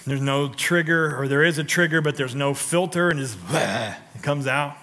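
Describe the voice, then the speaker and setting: Forceful male pastor, big church reverb. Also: brisk. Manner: animated storytelling, swinging between loud punchy lines and low quiet ones; talks directly to the congregation, prodding them for responses. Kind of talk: sermon. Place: church sanctuary.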